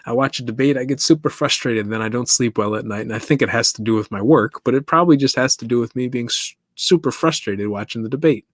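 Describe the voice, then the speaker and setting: A man of middle pitch muses aloud as the host of his own podcast, chatting on his own and turning questions back to the listener. He laughs easily, and his voice sits close and dry with no room around it. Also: quick pace, few pauses, dry recording. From East Africa. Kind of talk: casual solo monologue.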